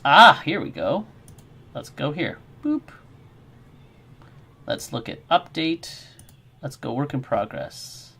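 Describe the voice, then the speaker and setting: A man with a mid-range, gravelly voice, fairly bright and with a breathy edge, streams his game development work. He rambles in a friendly, encouraging way, chatting casually with viewers and answering chat.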